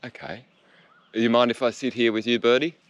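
A man's voice: mid-range voice, little pitch movement, fast talker, a little hiss or hum. An Australian man vlogging his bike ride outdoors, with jokey, upbeat commentary to the camera full of local slang. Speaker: cycling vlogger. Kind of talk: chatty running commentary while riding. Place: outdoors on a bike ride through a national park. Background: background music.

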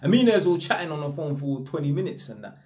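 Slangy young London man, fairly high voice. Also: racing. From North London. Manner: slangy street talk, animated storytelling. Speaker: vlogger. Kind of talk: casual monologue to camera.

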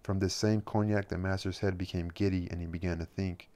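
A man narrating a classic novel aloud in a steady, measured way. His voice sits very low and stays level throughout. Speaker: reader. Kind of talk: audiobook reading.

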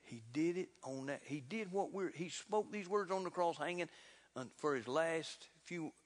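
Fervent preacher in a reverberant hall. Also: male voice, fairly high pitch, normal speed. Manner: fervent, builds to loud exclamations; folksy, repeats "look here". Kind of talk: sermon. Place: church sanctuary.

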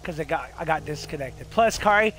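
A man's voice: on the high side, expressive, brisk, a bit bright, faint music behind. Laid-back man chatting over gameplay. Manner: laid-back, swears casually. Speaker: gaming partner. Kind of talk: casual chat while gaming.

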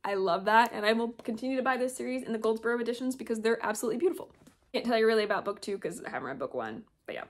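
A young woman with a slightly high voice talks through her latest book haul. She chats casually and gushes with excitement over her favorite editions, stopping now and then to read blurbs aloud. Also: racing. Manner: gushing, chatty, reads blurbs aloud. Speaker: booktuber.

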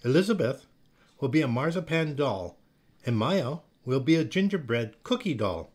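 A man voicing a stern, theatrical woman ballet teacher who gives brisk, dramatic commands while reading a storybook aloud. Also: medium pitch, expressive, darkish tone, lightly acted. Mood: commanding.

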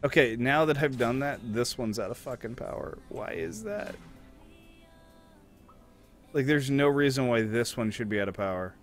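A man's voice: medium pitch, moderate pace, long pauses, soft background music. Crude rambling young man streaming a game. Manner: crude, rambling, swears a lot. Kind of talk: casual gaming chat.

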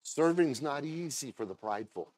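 A man preaching a sermon as pastor, moving between low confiding talk and loud impassioned shouting, often repeating and restarting phrases. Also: lively intonation, moderate pace, no echo.

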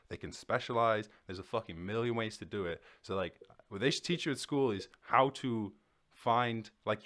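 A man's voice: on the low side, a bit bright. A man hosting a podcast, ranting casually with constant swearing and rambling restarts. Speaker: podcast host.

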